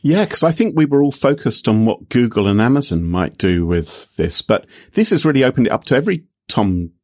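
A man's voice: mid-range voice, sing-song, a little fast, a little mellow. A man co-hosting a casual tech podcast, with jokey, playful asides. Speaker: podcast co-host.

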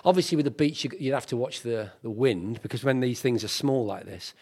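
A man co-hosting a tech show, chatting casually in an excitable, self-deprecating way. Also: medium pitch, fairly quick, gravelly, husky. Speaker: tech show co-host testing a drone. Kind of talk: casual chat.

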